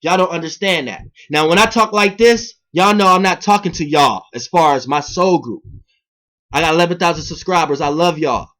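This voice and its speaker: A man, delivering a rambling, profane spiritual monologue to his viewers, alternating loud emphatic bursts with low muttering. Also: moderate pace. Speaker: video blogger.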